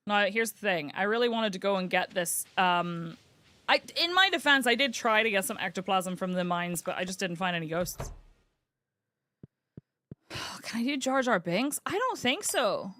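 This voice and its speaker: A woman's voice: medium pitch, lively intonation, moderate pace, bright, forceful tone. A young British woman chatting casually and giggling as she streams a farming game. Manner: giggly, chatty, self-mocking. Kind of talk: casual game livestream chat.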